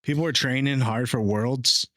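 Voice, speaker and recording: A man co-hosting a casual podcast, talking in a loose, joking, animated way into a studio microphone. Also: mid-range voice, moderate pace, no room sound. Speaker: podcast co-host.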